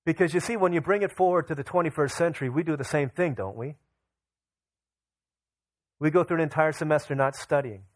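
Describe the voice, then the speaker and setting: A man's voice: a little high, fairly quick, pauses often, no room sound. Storytelling young man preaching a sermon. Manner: storytelling, acting out his children's voices. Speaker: pastor.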